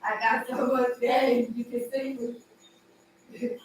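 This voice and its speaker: Animated woman, echoey and off-mic. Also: takes it slowly, a little hiss or hum. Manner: animated, swinging between loud outbursts and low murmurs; flirtatious, teasing. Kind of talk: casual livestream chat. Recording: echoey room, far from the mic.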